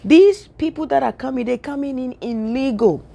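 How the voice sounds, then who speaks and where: Speaking at a moderate pace in a high, dark voice with vocal fry, a Ghanaian social media commentator rants emphatically and repetitively, giving her opinion straight to camera for her viewers.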